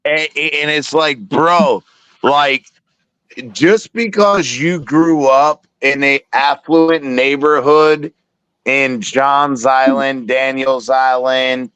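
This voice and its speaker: A man's voice: mid-range voice, steady tone, slow pace, fairly bright tone, clean tone, no echo. A man from South Carolina ranting profanely in casual podcast chat. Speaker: podcast co-host.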